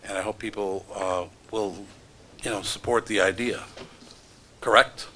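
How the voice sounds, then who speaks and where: A man's voice: on the low side, steady tone, unhurried, sharp tone, a little hiss or hum. A middle-aged man, a radio host emceeing a live event, joking with the crowd in wry, sarcastic asides. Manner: wry, sarcastic asides and self-deprecating jokes. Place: event room before a live audience.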